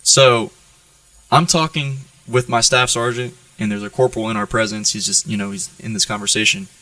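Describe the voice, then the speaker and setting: An American man, a Marine, telling profane, animated stories as a podcast guest and often checking in with "right?". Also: mid-range voice, moderate pace, creaky, no echo, recorded from a distance, poor audio. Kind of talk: storytelling in an interview.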